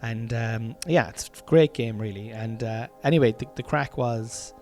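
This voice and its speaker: An Irish man of ordinary mid-range pitch rambles through a casual comedy podcast from a room at home, cursing now and then and calling his listeners lads. Faint music plays softly behind him. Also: moderate pace. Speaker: podcast host.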